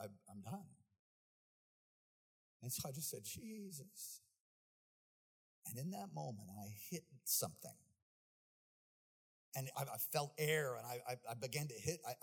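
A man preaching a sermon, telling a story with animation and building to shouted peaks. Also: mid-range voice.

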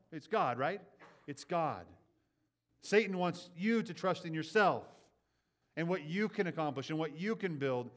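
A man preaching a sermon in an earnest way. He often checks in with the listeners with a quick "right?" and repeats words as he builds his points. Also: fairly high pitch. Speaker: pastor.

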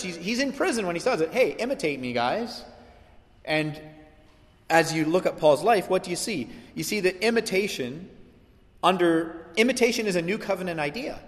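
A man preaching a sermon as pastor, swinging from hushed lines to emphatic ones. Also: high-pitched, in a large hall.

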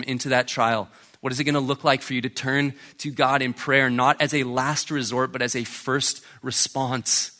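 A man's voice: mid-range voice, pushed and bright. A man, a pastor, preaching a sermon in a conversational way and often checking in with "right?". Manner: conversational, keeps asking "right?".

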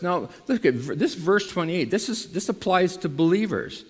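A man preaching a sermon to his congregation in lively style, now and then rising to loud emphatic bursts. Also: high voice, moderate pace, few pauses, breathy edge, big-room sound. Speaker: pastor.

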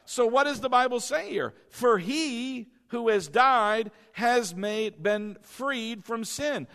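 A man with a high voice preaches to his congregation, hammering his points by repeating questions and having them say lines back. His voice rings with the long reverb of a church hall. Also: expressive, slow, few pauses, a bit bright. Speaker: pastor. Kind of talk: sermon.

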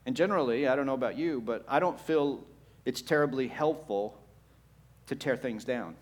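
A man pastor preaching a sermon, swinging between quiet, low passages and loud, emphatic ones, with rhetorical questions to the congregation. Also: normal speed.

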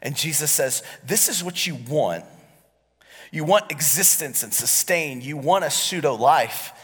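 A pastor in his forties preaching a sermon, swinging between loud, animated passages and hushed, quiet lines. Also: fairly high pitch, measured pace, husky. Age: 40s. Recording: long hall reverb.

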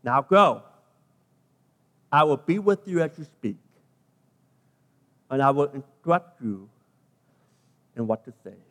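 A calm, solemn God speaking low and hushed, as a British preacher puts on the voice. The words drift slowly and ring with a long reverb through a large hall. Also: male voice. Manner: low, quiet and slow.

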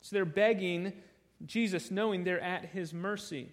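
Earnest high-voiced male preacher. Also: measured pace. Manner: earnest, repeats words when starting sentences. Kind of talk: sermon.

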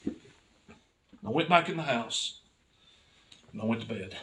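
A man's voice: mid-range voice, expressive, slow pace, pauses often, sharp tone, recorded from a distance. A man, preaching a personal testimony with impassioned storytelling that builds to fervent cries. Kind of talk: sermon testimony.

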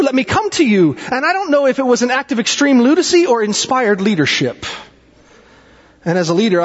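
A male pastor preaching a sermon, with dramatic swings in pitch and pace and chatty asides. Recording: dull sound with long hall reverb.

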